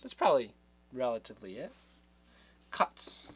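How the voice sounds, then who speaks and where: A man's voice: mid-range voice, sing-song, moderate pace, fairly bright tone, slightly rough. A man hosting a livestream, chatting casually with viewers, laughing often and trailing off mid-sentence. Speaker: livestream host.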